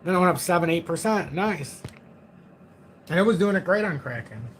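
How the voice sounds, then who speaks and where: A man's voice: high voice, expressive, normal speed, a little hiss or hum. A man in his forties hosting a crypto livestream, chatting casually in a rambling, joking, self-mocking way. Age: 40s.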